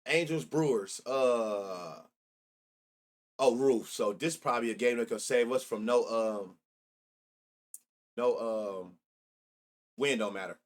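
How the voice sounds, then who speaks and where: Slow and full of long pauses, this mid-range male voice belongs to a middle-aged sports betting show host on a live stream. His loose, profane talk drifts between old memories and reactions to his chat.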